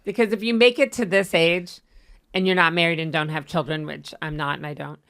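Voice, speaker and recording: A woman's voice: on the low side, steady tone, a little fast, a bit bright. A woman on a podcast telling a frank dating story in a chatty, self-deprecating way, acting out what people said. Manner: chatty, self-deprecating, laughing, acts out quotes. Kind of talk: casual chat.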